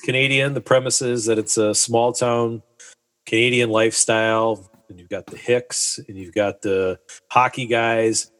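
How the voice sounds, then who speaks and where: A man's voice: medium pitch, fairly even intonation, a little slow, fairly bright tone. Enthusiastic man recommending a show. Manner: enthusiastic recommender, piles on praise. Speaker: podcast co-host. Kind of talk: casual chat.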